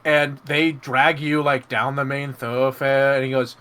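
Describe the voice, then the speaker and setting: A man running a tabletop game, rambling and laughing as he narrates and slips into quick side characters. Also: medium pitch, little pitch movement, sharp tone, clear, resonant tone. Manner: rambling, laughing, lots of fillers and restarts. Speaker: game master. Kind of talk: narrating a tabletop game, voicing NPCs in passing.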